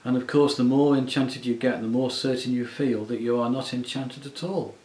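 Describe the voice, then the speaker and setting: A man reads a storybook aloud, measured and expressive. His voice sits in a middle pitch. The room around him adds a noticeable echo. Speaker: audiobook reader. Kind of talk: storybook narration.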